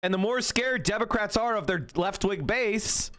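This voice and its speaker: A man's voice: high voice, normal speed, a bit bright. A man hosting a live political stream, blunt and combative, talking directly to his chat.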